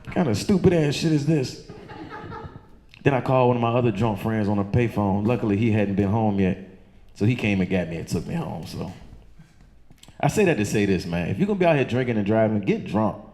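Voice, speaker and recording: A man from doing loose, profane stand-up storytelling on a comedy club stage, jumping into high squeaky voices for the people in his story. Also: animated, a little fast, dark tone, slight background noise. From Chesterfield County, Virginia.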